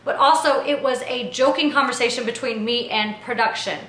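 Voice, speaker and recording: A woman telling a behind-the-scenes story to camera in a casual recap, talking in an animated, indignant way full of slang like "yo" and "like". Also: fairly high pitch, a little fast, a little hiss or hum. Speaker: reality TV personality and producer. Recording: echoey room.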